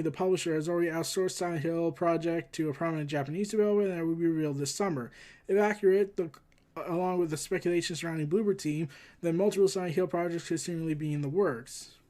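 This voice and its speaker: A man's voice: a little high, brisk, warm tone. A man hosting a casual news commentary, rambling with sarcastic asides. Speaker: host.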